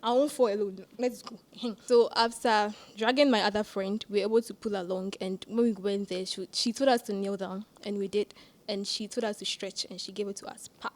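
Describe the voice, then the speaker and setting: A young woman co-hosting a podcast, telling a school story in a casual, animated way and laughing often. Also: mid-range voice, fairly quick. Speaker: podcast co-host. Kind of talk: casual chat.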